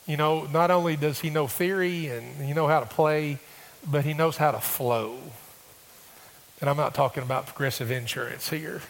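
Gravelly preacher in a reverberant hall. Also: male voice, a little high, moderate pace, a little hiss or hum. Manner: storytelling, rising to emphatic bursts. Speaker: pastor. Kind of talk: sermon.

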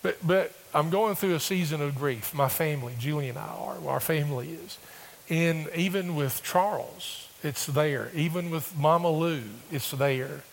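A male pastor, preaching a sermon and telling stories that rise to emphatic, excited bursts. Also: a little high, a little slow, creaky, in a large hall, slight background noise. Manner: storytelling, rising to emphatic bursts.

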